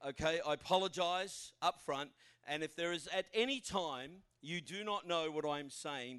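A man's voice: on the high side, moderate pace, fairly bright tone, clean tone. Chatty Australian man preaching. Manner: chatty, self-deprecating, frequent fillers. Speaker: guest pastor. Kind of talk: informal sermon. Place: church.

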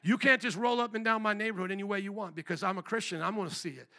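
A male pastor preaching a sermon with energetic call-and-response to the congregation. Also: sits high, rapid-fire.

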